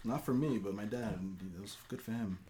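Lower-voiced young man telling a story. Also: brisk. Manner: animated storyteller, acts out quotes in a rising voice. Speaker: podcast co-host. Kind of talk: casual storytelling chat.

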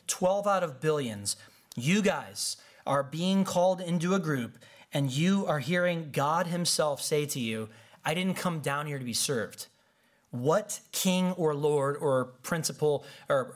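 A pastor preaching a casual, conversational sermon, acting out quick quotes and asides. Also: male voice, on the high side.

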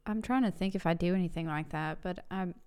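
Country girl with a gravelly low voice, laid back, pokes fun. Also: a little fast, darkish tone. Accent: Southern US. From American South. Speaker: podcast co-host. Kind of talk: casual chat.

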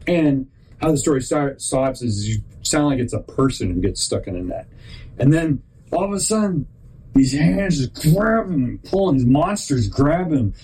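Podcast host, man, mellow voice, rambling faith pep talk, animated storyteller. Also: medium pitch, breathy edge, poor audio. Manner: rambling, halting, self-interrupting.

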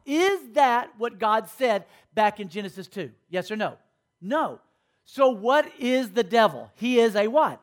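A man with a strikingly high voice delivers a sermon to students. He keeps checking in with his listeners through call-and-response questions as he preaches. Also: sing-song, normal speed. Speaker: speaker at a school.

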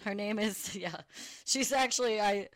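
A woman in her thirties hosting a podcast, bantering quickly and laughing often. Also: medium pitch. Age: 30s. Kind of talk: casual chat.

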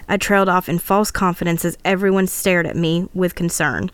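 A woman's voice: on the low side, steady tone, normal speed, few pauses, clean tone, dry recording. A woman podcast co-host narrating a first-person tale with emotional storytelling.

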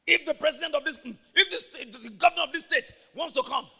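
Nigerian male pastor, sharp bright tone, animated sermon delivery, reverberant church room. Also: extremely high pitch, fairly quick, vocal fry. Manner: animated preaching, shifts between soft talk and shouts.

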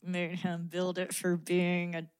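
A woman's voice: fairly low pitch, completely flat delivery, measured pace, clean tone, no echo, clean studio sound. A young woman co-hosting a podcast, telling stories frankly and laughing often in casual chat. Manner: candid storytelling, laughs often. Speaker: podcast co-host.

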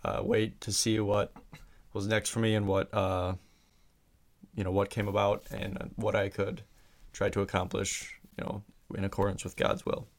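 A young man with a Wisconsin accent, a guest chatting on a podcast in a halting way, with many fillers and restarts. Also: on the low side, flat delivery. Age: young adult. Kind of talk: casual podcast chat.

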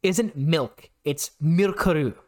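A young man with a slightly high voice chats casually on a podcast. He is animated and laughs easily, and drifts off on stories mid-thought. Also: slow. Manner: animated, laughs often, bursts into shouted announcer impressions. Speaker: podcast co-host. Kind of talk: casual chat.

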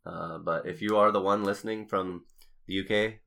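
A young man hosting a casual podcast, talking in a rambling, halting way full of restarts and fillers. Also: lowish voice, fairly even intonation, gravelly, fairly bright tone. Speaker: podcast host.

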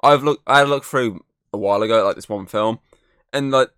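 A man co-hosts a podcast, rambling on in casual chat, heavy on fillers and swearing. His voice sits at an ordinary pitch for a man. It is recorded close and dry, with no room sound. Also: normal speed, a bit bright, clean tone, no room sound. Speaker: podcast co-host.

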